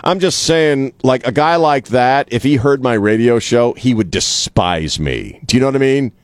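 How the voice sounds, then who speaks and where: A man's voice: medium pitch, lively intonation, moderate pace, no room sound. A man hosting a talk radio show, rambling casually with many restarts and an irreverent streak. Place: radio studio. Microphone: studio mic.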